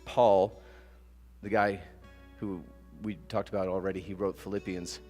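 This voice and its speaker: A man's voice: low-pitched, a little slow. Guy pastor giving a sermon, acts out little stories, big echoey church hall. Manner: animated storytelling with acted-out quotes. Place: church sanctuary. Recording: long church reverb with soft guitar.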